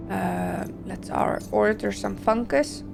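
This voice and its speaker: A woman game streamer with a hoarse, tiring voice, reading game text aloud and commenting while she plays, often clearing her throat. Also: mid-range voice. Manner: frequent throat clearing, self-correcting. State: hoarse, voice giving out.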